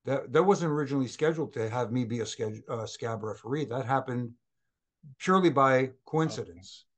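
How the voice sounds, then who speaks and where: Middle-aged male guest, storyteller energy, does quick voices for the people in his stories. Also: mid-range voice. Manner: animated anecdotes, acts out quoted voices. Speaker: former wrestling referee, guest. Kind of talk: storytelling in a casual interview.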